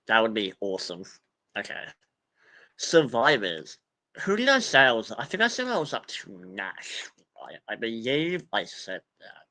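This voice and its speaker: Bright-voiced young man rambling on a livestream. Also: lowish voice, rough recording. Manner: rambling, swears freely, lots of fillers. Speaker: streamer reading cast bios. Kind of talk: casual livestream chat.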